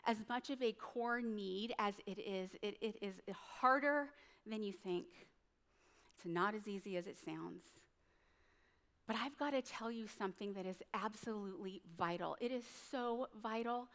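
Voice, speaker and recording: High-voiced woman preaching a sermon. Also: fairly bright tone. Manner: conversational, storytelling, frequent tag questions. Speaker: pastor.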